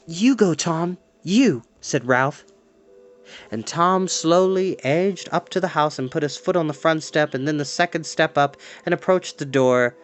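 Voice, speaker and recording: Man, storyteller, storybook read-aloud, expressive, hushed in tense parts. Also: a little high. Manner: expressive, hushing to quiet at tense moments.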